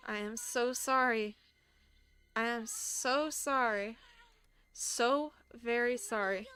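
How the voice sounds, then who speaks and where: A woman voicing a possessed antique doll holding a guilty man's spirit, reading its lines slowly in a flat, repetitive way. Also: fairly high pitch, clean tone. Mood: cold remorseful. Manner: slow, flat, repetitive apologies. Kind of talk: reading game dialogue aloud.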